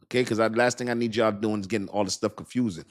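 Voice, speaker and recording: A man's voice: fairly even intonation, fast. A man in his fifties hosting a crypto channel, explaining to viewers in a casual, repetitive way and often checking that they understand. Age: 50s. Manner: mimics doubters in a higher voice.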